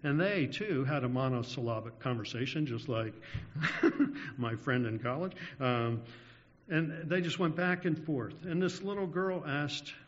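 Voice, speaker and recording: Man preaching in a reverberant hall. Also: medium pitch. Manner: anecdotal, chuckles through stories, slows down in prayer. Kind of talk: sermon storytelling ending in prayer. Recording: dull lo-fi sound with long hall reverb.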